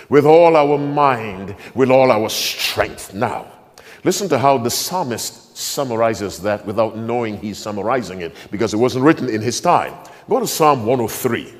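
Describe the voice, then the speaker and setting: Male preacher, middle pitch, emphatic sermon delivery, long reverb of a hall. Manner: slows and stresses key phrases, questions the congregation. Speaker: pastor.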